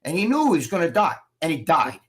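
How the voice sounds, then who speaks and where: A man chatting casually on a livestream, telling animated, profanity-laced stories as co-host over a video call. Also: on the high side, fast. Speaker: show co-host.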